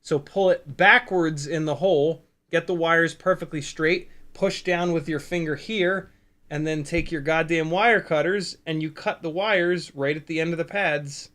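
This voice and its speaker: An excitable American FPV drone livestream host gives a hands-on soldering demo in a casual hobby stream, profane and rambling with restarts. His voice is bright and a little high, and his pace is measured.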